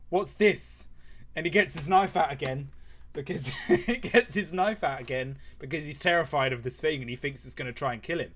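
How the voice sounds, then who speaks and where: A man's voice: mid-range voice, fairly bright tone. A young man improvising a comic story while drawing, rambling, swearing and laughing. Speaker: streamer.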